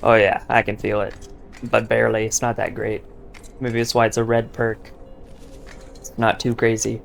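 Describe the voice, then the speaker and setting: A man's voice: fairly low pitch, monotone, moderate pace, gravelly, soft background music. A young man giving casual, joking gameplay commentary, boastful and rambling with lots of filler words. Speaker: gaming YouTuber.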